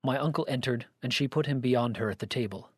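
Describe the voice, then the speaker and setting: A man reads a classic story aloud in a measured, even manner. His pitch sits in the middle range. The recording is close and dry, with no room sound. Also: husky, dry recording. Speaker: narrator. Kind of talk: scripted narration of a story.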